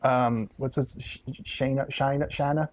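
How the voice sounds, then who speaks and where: A man's voice: medium pitch, steady tone, measured pace, a little hiss or hum. A man co-hosting a casual live stream, steering the talk along between topics. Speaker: co-host.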